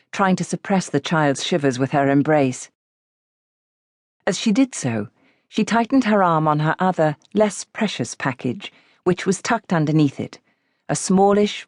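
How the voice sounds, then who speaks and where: Rich: A woman reads a novel aloud in a measured, even storytelling manner. Her voice sits low. The studio sound is close and dry, with no room around it. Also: dry recording. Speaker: audiobook narrator. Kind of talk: scripted audiobook narration.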